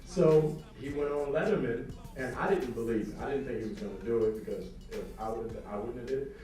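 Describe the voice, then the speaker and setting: A man from New Orleans with a New Orleans accent, telling a story as an interview guest in a lively, animated way. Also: a little fast, distant mic. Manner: lively, swings high when quoting others. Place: film festival event. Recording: echoey, off-mic, music behind.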